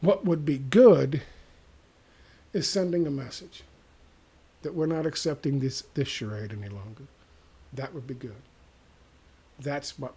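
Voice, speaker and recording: A man delivering a profane, exasperated, sarcastic rant as a vlogger, with a gravelly voice. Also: medium pitch, a little slow, pauses often, dark tone, slight background noise. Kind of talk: ranting monologue to camera.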